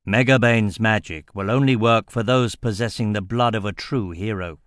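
A shrewd older merchant, calculating and measured, speaking slowly with a low, level voice, as a male narrator plays him. The reading is close and dry. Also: a bit bright, no echo, close to an everyday voice. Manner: slow, deliberate.

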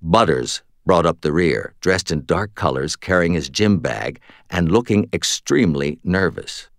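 Deep-voiced man reading an audiobook. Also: unhurried, dry recording, studio quality. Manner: wry, expressive character reading. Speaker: audiobook narrator. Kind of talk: scripted narration.

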